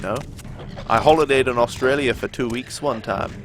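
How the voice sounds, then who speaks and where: A man's voice: medium pitch, normal speed, noisy background. A young man from New Zealand with a New Zealand accent, chatting casually with his stream chat while playing a game. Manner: relaxed, rambling, laughs often. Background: game music.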